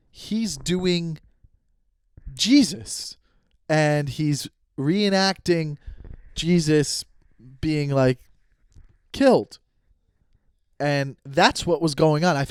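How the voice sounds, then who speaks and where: Profane, animated man telling a story. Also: on the high side, no echo, clean studio sound. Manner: profane, animated storyteller acting out his own quotes. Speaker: podcast host. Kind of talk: casual storytelling monologue.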